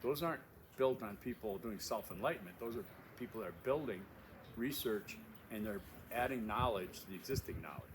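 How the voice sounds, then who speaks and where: In a casual clip filmed on a windy outdoor overlook, an instructor with a lowish, expressive voice and a slightly fast pace introduces his course. Wind is audible behind him as he talks emphatically, repeating key phrases and using many fillers.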